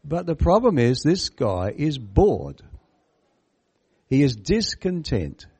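Animated male preacher giving a sermon. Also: on the high side, slow pace, husky. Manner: animated, emphatic, asks the listeners questions and comments on the text. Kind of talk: sermon on a Bible parable.

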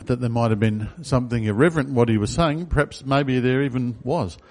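A man's voice: medium pitch, brisk, darkish tone. A man preaching a sermon in a conversational way, asking the congregation questions. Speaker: pastor.

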